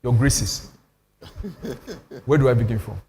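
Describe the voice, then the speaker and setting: A man's voice: medium pitch, expressive, slow pace, a little mellow, slight background noise. Older man, Nigerian accent, emphatic storyteller, long hall echo, faint ambience. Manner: storytelling, emphatic, self-deprecating. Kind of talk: animated panel talk on church.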